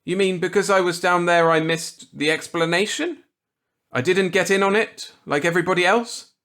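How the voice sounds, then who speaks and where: A man voicing a panicked middle-aged shopkeeper, pleading and shouting in desperation. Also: high voice, normal speed, pitched above the performer's own voice. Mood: hopeful.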